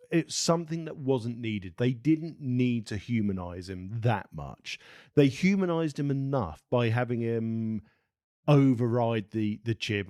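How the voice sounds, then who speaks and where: A man co-hosting a film podcast in an average-pitched voice. He argues his points emphatically, cursing and restarting his sentences. The sound is dry and close. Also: darkish tone, no echo. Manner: emphatic, swears, hesitant restarts. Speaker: podcast co-host. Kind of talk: casual film discussion.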